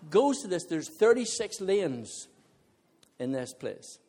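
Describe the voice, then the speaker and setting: A male preacher giving a sermon, telling a funny personal story in an animated way and often laughing as he talks to the congregation. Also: high voice, takes it slowly. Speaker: visiting preacher.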